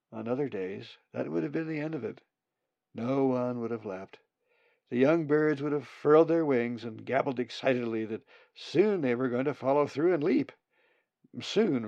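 An unhurried man reads a children's storybook aloud, his gravelly voice rising and falling expressively. The recording is dull and lo-fi, in a dry, dead room. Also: mid-range voice, darkish tone, dry recording.

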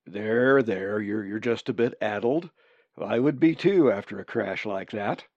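A man voicing a big, kind male raven who talks in a steady, reassuring way, recorded dry and a little dull. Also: fairly low pitch, measured pace, no echo.

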